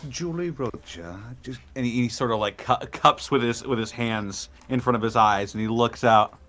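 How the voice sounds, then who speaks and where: A man playing a tabletop game, halting and stumbling over his words. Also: medium pitch, level tone, pushed and bright. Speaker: player.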